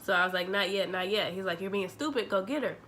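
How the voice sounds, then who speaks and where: A young woman, telling a story to her vlog audience in a chatty, animated way, acting out the dialogue. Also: mid-range voice, fast talker, a little hiss or hum. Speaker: vlogger. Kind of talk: casual storytelling.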